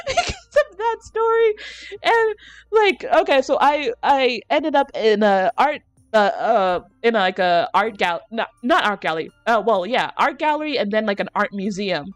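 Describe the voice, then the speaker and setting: A young woman streamer rambles through childhood stories in a loose, giggly chat, now and then tossing in a curse word. Her voice sits in an ordinary middle range. It is recorded dry and close, with soft music playing underneath. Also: mid-range voice, dry recording. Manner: rambling storyteller, laughs often, casual swearing. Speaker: VTuber streamer.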